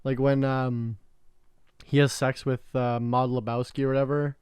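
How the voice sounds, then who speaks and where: Young canadian dude cohosting a podcast, smooth voice, laughs and swears a lot. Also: male voice, mid-range voice, little pitch movement, unhurried, darkish tone, no echo, studio quality. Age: young adult. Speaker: podcast co-host. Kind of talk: casual chat.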